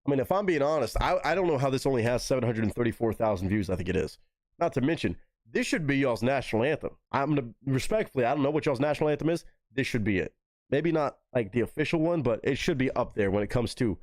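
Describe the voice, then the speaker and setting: A man hosts a live reaction to music. His voice sits in a middle register and swings up and down with excitement as he swears. The sound is dry and close, with no room echo. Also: quick pace. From Texas. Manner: excitable, swears freely, big swings in pitch.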